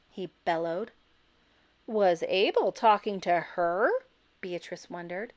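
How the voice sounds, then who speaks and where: A woman reading a children's picture book aloud, expressive and breaking into loud high calls for the characters. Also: slow pace. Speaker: storybook reader.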